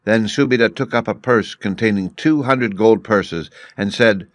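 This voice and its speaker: A man reads a story aloud for English learners in a clear, measured way. His voice sits on the low side. The sound is dry, with no room echo. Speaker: narrator.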